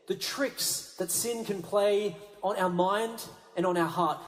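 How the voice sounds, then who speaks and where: A Catholic priest with a fairly high voice gives an energetic youth rally talk on a stage mic. He sinks his voice low and soft to land a point. The sound rings around a big, reverberant hall. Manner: energetic, dropping low and quiet for emphasis. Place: large conference hall with a big audience. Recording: echoey large hall.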